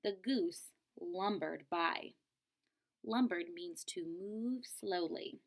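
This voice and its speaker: A woman's voice: lowish voice, takes it slowly, creaky. A woman teacher reading a picture book aloud to children, expressively and stopping to explain word meanings. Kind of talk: read-aloud storybook lesson.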